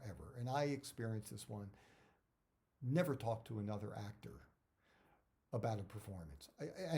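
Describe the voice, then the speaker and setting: A man's voice: mid-range voice, warm tone. A middle-aged man, an actor, giving career advice in a casual talk that rambles, repeats words and drifts off topic.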